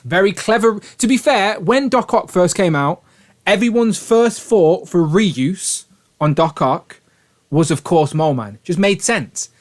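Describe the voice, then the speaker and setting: A man's voice: high voice, animated, unhurried. A man hosting a toy review livestream in casual, jokey chat, laughing often.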